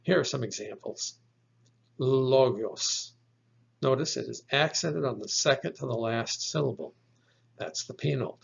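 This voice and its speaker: A man's voice: mid-range voice, gravelly, breathy edge. A man teaching a recorded language lesson, explaining step by step and repeating each example word. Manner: slow, deliberate explaining with repeated example words. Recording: dull lo-fi recording.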